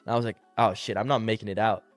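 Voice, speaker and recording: A young man co-hosts a podcast and tells a story in an animated, casual way, acting out the other people in it and swearing freely. He is close to the mic and the sound is dry, with faint music underneath. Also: lowish voice, racing, dry recording. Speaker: podcast co-host.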